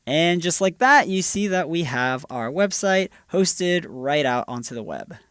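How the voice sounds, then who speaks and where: A man's voice: on the high side, sing-song, unhurried, a bit bright, clean tone, no room sound, studio quality. A man presenting a screencast tutorial, walking through each step in an upbeat, casual way. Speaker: developer advocate presenting a tutorial.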